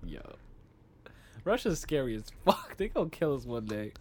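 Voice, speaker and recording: A man's voice: mid-range voice, sing-song, normal speed. A young man co-hosting a podcast in casual, slangy chat, laughing often and swearing freely. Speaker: podcast co-host.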